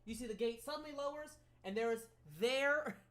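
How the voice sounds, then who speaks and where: Halting woman game master. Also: high voice. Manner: halting, filler-heavy narration. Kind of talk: narrating a tabletop game.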